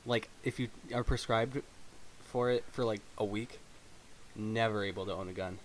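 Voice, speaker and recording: A young man with a fairly low voice hosts a loose, jokey podcast. He laughs a lot between lines and reads headlines out in a plain, offhand way. A faint hiss sits under the recording. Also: steady tone, moderate pace, rough recording. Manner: joking, laughs often, reads news headlines aloud. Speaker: podcast host. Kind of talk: casual chat.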